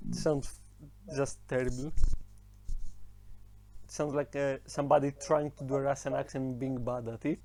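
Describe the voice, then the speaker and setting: A man from Greece with a Greek accent, chatting casually on a podcast, pausing to hunt for words and swearing now and then. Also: mid-range voice, little pitch movement, mellow, a little hiss or hum. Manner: halting, searching for words, profane.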